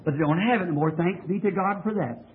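A man's voice: sits high, fast talker. A man preaching a sermon in a church, asking the congregation questions and pressing his points emphatically. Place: church tabernacle. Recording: tinny lo-fi old tape.

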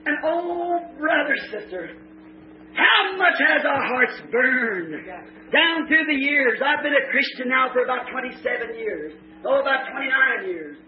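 High-pitched preacher guy shouting his sermon, old echoey tape sound, kinda tinny. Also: lively intonation, measured pace. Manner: impassioned, preaching in bursts, often shouting. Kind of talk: fervent revival sermon.

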